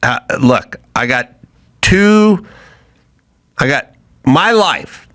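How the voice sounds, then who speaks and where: A man's voice: a little high, expressive, extremely slow, fairly bright tone. A male podcast host in casual chat, ranting sardonically and mocking what people say. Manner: sardonic ranting, mock quotes.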